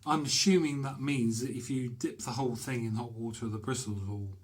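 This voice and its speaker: A man chatting to camera from a small bathroom, his delivery easygoing and full of pauses and fillers. His voice sits in an ordinary middle pitch. He sounds like someone filming himself at home. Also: fairly even intonation. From Britain. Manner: chatty, hesitant with many fillers. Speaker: shaving vlogger. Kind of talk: casual talk to camera.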